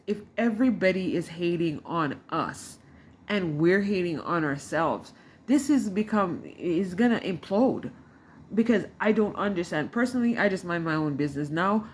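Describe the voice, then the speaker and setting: Rambling frustrated Caribbean-born woman. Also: lowish voice. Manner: rambling, frustrated, with many restarts. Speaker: vlogger. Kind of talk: casual talk to camera. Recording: faint background noise.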